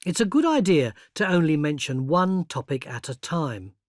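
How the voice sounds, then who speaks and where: An older man narrating a scripted educational video, explaining patiently and clearly and speaking example phrases kindly. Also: on the high side, sing-song, moderate pace, dry recording, studio quality. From England. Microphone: close studio mic.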